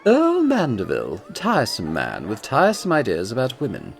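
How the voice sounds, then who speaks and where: A man's voice: medium pitch, wildly swooping pitch, moderate pace, faint music behind, pitched above the performer's own voice. A man doing a posh, haughty lady boss. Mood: smirking, cold. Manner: haughty, drawling. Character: posh scheming woman crime boss.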